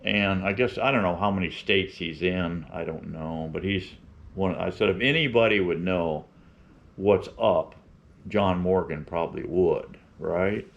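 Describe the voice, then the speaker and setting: Older man in his seventies, low voice, folksy and rambling, dull lo-fi recording. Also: a little slow, creaky, slight background noise. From Florida. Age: 70s. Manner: folksy, opinionated, rambling with restarts. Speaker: beekeeping channel host. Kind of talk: rambling casual vlog talk. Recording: dull lo-fi sound.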